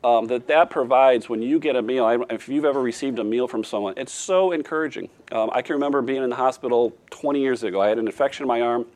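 Man, Bible study leader, loose and informal, fillers and restarts, mid-pitched voice. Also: fast talker, few pauses, darkish tone. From former math teacher. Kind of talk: leading a church group discussion.

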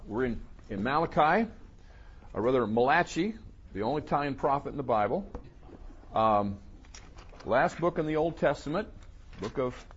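A man preaching a sermon to a congregation, asking questions and playing out the listeners' doubts in a higher voice. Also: breathy edge, muffled recording. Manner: animated, voices the questioners in a high mocking tone.

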